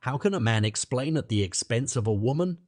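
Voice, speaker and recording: A man voicing a passionate young man, furious and wounded, whose words burst out with a sharp edge, in an audiobook reading. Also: medium pitch, animated, brisk, dry recording, clean studio sound, lightly acted. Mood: outraged.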